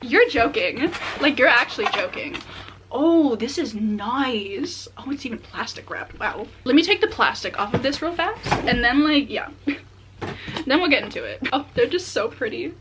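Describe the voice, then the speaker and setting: A young adult woman vlogging casually as she unboxes books, excitable and chatty with many filler words. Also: sits high, normal speed, noisy background. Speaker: book vlogger.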